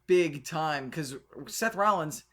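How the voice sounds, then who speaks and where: A man co-hosting a podcast in casual chat, talking fast and acting out quotes in an animated way. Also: a little high. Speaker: podcast co-host.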